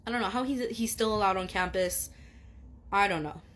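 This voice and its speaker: A woman's voice: medium pitch, normal speed, fairly bright tone. A young woman student telling a story to the camera in a casual, rambling way, with lots of fillers and swearing, getting heated. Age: young adult.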